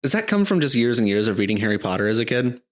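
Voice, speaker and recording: A young man co-hosting a podcast in casual chat, halting often with restarts and fillers. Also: medium pitch, sing-song. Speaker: podcast co-host.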